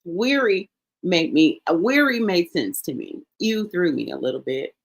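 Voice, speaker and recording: A woman with a low, deep speaking voice leads a casual scripture study. She reads passages aloud and then explains the Hebrew names slowly, often restarting her sentences and going off on small asides. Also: lively intonation, vocal fry. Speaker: Bible study teacher. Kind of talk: casual Bible reading and teaching.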